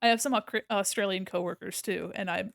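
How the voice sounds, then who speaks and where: A woman's voice: medium pitch, steady tone, a little fast, creaky, no room sound, clean studio sound. An American woman streaming her art, chatting casually and giggling as she thinks aloud while she draws. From United States.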